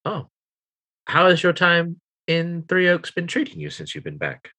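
Guy doing a polite formal lady at dinner, bright tone, lively pitch. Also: a little slow, exaggerated voice. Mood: cordial. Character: courteous woman merchant dining.

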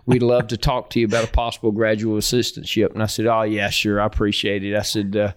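A man's voice: on the low side, quick pace, few pauses, crowd noise. Folksy man telling coaching stories. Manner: folksy and animated, laughing through anecdotes; acts out dialogue in his stories. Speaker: football coach guest. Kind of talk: storytelling in a podcast interview.

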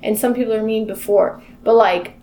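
A woman in casual chat, animated, acting out her own outbursts as she talks. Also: on the high side, normal speed, slight background noise.

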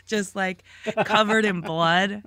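A woman's voice: medium pitch, steady tone, slow, pushed and bright, no room sound. A woman co-hosting a podcast, teasing and laughing often in casual chat. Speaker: podcast co-host.

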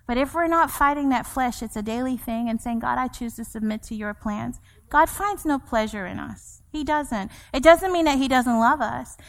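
A woman in her thirties, a pastor preaching a sermon in a church, repeating her points with emphasis and acting out scripture quotes. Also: a little high. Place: church sanctuary. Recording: long church hall reverb.

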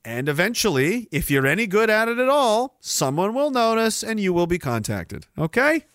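Lively, bright-voiced sarcastic man. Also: high-pitched, normal speed, no echo, studio quality. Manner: sarcastic, profane, bursts into loud laughter. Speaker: podcast host. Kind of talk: casual livestream rant.

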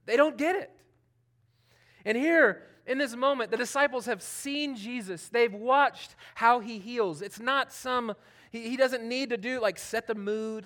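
High-voiced preacher, chatty and informal. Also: male voice, lively intonation, slow pace. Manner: informal, many fillers, swings between loud and hushed. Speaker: pastor. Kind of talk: conversational sermon.

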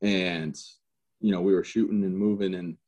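A man's voice: low-pitched, normal speed, lo-fi sound. A man, an army veteran, telling stories casually as an interview guest, joking and acting out quotes. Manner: animated, jokey, acts out quotes and gun sounds. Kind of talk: casual storytelling.

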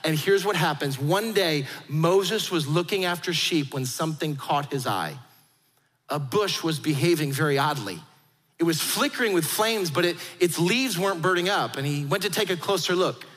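A man preaching a sermon as pastor, animated, acting out the people in his story. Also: fairly high pitch, normal speed, big-room sound. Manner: animated, acts out quoted voices.

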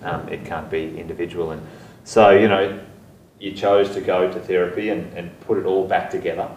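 A man's voice: sits low, fairly even intonation, moderate pace, a little mellow, a little hiss or hum. A man hosting a podcast interview, talking casually with many fillers. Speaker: podcast host. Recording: roomy sound, heard from a distance.

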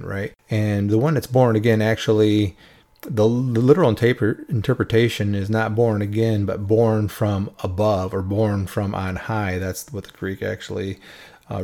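A man's voice: fairly low pitch, dark tone. Conversational man teaching Bible verses. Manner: conversational, often tags points with a questioning "right?".

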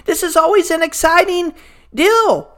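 A man voicing a cheerful, reformed male Grinch in a high, folksy put-on voice on a podcast skit. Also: expressive, unhurried, fairly bright tone, exaggerated voice. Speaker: guest character.

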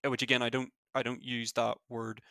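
A young man with a Belfast accent speaks in a flat, gravelly voice, his delivery quick and cluttered with fillers and restarts. The recording is dry and close. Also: mid-range voice, no echo. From Northern Ireland. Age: young adult. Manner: fast-talking, many fillers and restarts. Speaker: former student guest. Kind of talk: casual interview chat.

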